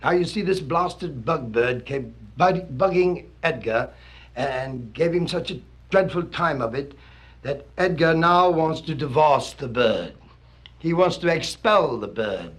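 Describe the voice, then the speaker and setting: A male comedian giving a theatrical comic recitation in hipster slang, swinging between booming shouts and low murmurs. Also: expressive, measured pace.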